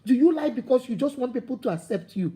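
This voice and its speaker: A woman giving an animated, preachy motivational talk, acting out the voices of imagined people. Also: high voice, fast talker. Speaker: motivational speaker.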